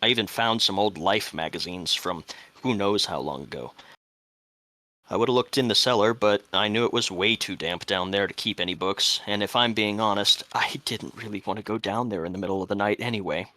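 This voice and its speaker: Low-voiced man reading a tense statement. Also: no room sound. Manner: measured, drops to hushed tones for tense moments. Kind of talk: dramatic first-person statement reading.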